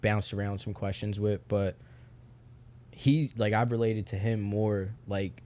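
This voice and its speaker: A young man with a somewhat low voice talks as a podcast guest. His speech is loose and candid, full of filler and casual swearing. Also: steady tone, a little slow, warm tone. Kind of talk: casual chat.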